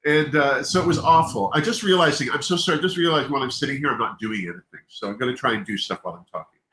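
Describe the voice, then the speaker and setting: A man's voice: mid-range voice, racing, sharp tone. A man hosting a livestream, chatting candidly and openly emotional, often stopping and restarting his sentences. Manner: rambling, self-interrupting, openly emotional. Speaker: livestream host. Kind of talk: casual candid chat. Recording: echoey room, faint background noise.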